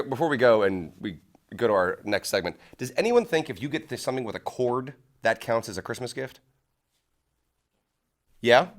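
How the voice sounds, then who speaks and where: Animated man hosting a talk show. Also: mid-range voice. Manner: animated, incredulous, laughs along with the audience. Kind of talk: casual comedic monologue. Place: small studio with a live audience.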